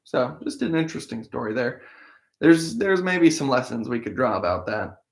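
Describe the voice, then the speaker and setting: A mid-range, slightly creaky male voice with lively intonation moves along at a moderate pace. He runs a daily Bible-reading podcast, reading scripture aloud and then chatting about what it means, reasoning out loud and restarting along the way.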